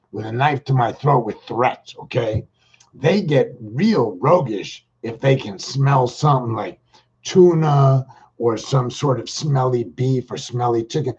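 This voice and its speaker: A man's voice: medium pitch, darkish tone, slightly rough. A middle-aged man telling a rambling, jokey everyday story in casual slang. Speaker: vlogger. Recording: dull lo-fi recording.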